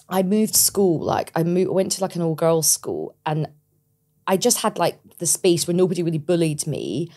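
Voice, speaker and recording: A Scottish woman in her forties chats as a podcast guest, lively and quick to laugh. Her voice sits on the low side for a woman, and she tells her stories with plenty of animation. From Scotland. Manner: lively storyteller, laughs often, mimics her parents. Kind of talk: casual interview chat.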